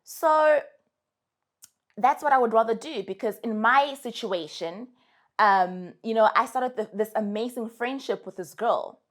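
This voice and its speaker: A young adult woman with a South African English accent speaks at a measured pace in a fairly high voice. She gives her followers casual, emphatic advice in an animated, sassy way.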